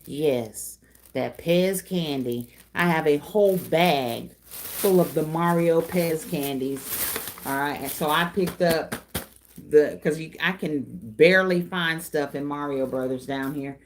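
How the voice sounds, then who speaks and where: A middle-aged woman with a drawl talks folksy and easygoing, greeting viewers as darling and y'all. Her voice sits a little low. A faint hiss runs under the recording. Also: slow. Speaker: craft channel host. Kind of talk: casual livestream chat reading comments.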